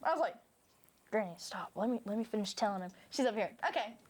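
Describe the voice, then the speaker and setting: A woman's voice: mid-range voice, fast talker. A woman with a Southern US country twang, hosting a podcast and telling crude, rambling stories in casual chat. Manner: rambling, animated storytelling with crude humor. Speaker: podcast host.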